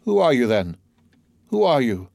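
A man reading aloud, voicing a frantic, grief-stricken male magistrate with shrill, anguished outbursts. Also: very animated, unhurried, vocal fry, a little mellow, dry recording, heavily acted. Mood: desperate.

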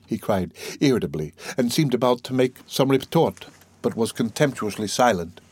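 A man narrating a classic novel in a measured, subdued manner. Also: lowish voice, lively intonation, darkish tone, breathy edge, no echo. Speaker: audiobook narrator. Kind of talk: scripted narration.

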